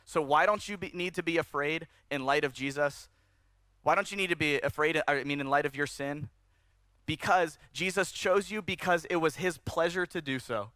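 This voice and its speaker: A man preaching a sermon at a church service, conversational and animated, rising in emphasis as he speaks to the congregation. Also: fairly high pitch, moderate pace, no echo. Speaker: pastor.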